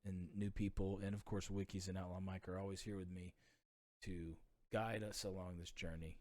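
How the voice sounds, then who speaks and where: A man's voice: low voice, level tone, moderate pace, darkish tone, no room sound. A man hosting a casual parenting podcast, laid-back and openly emotional, greeting his chat by name. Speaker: podcast host.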